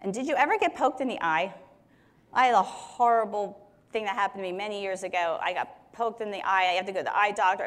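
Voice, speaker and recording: A woman's voice: medium pitch, fast talker, fairly bright tone. A woman teaching on Scripture in a conversational way, explaining verses with everyday examples. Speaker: Bible teacher. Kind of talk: Bible teaching talk.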